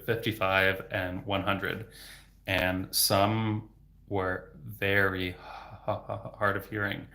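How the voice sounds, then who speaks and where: A man's voice: fairly low pitch, a bit bright. A man who stutters heavily, repeating sounds and words, answering questions casually as a livestream host. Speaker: livestream host and speech therapist.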